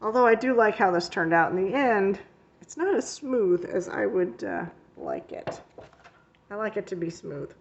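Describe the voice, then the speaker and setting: A creaky, mid-range woman's voice with lively intonation and moderate pace comes through a muffled recording with slight hiss or hum. As an art teacher hosting a coloring channel, she rambles chattily through a show-and-tell vlog of finished coloring pages, frequently using fillers and self-corrections.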